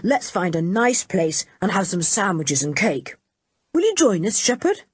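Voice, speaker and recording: A bright, self-assured teenage boy with a lively, bouncing delivery, as a woman narrator puts him on. He sounds brisk and hearty, reassuring the others, in a dry, close storybook recording. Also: medium pitch, slightly rough, no room sound. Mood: confident. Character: confident cheerful teenage boy, leader.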